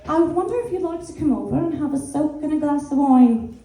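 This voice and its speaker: Woman doing a smooth-talking male friend. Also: sits high, a little fast, mellow, close to an everyday voice. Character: smooth-talking male friend making a late-night invitation. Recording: roomy sound from a distance.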